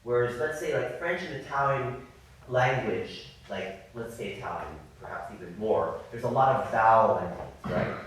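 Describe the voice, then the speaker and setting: A man's voice: mid-range voice, normal speed. Man coaching in an echoey hall. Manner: apologetic, animated, demonstrating by singing. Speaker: viola masterclass teacher. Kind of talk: coaching a live masterclass. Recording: echoey hall, distant mic, faint noise.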